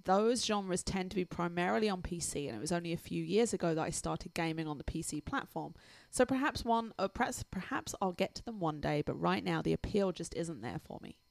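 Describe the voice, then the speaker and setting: A woman's voice: fairly low pitch, lively intonation, a little fast, creaky, hardly any pauses, a little mellow, dry recording. A woman from England with an English accent, co-hosting a podcast, chatting and reading a listener's email aloud with frequent giggles. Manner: giggly, laughs often between lines. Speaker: podcast co-host.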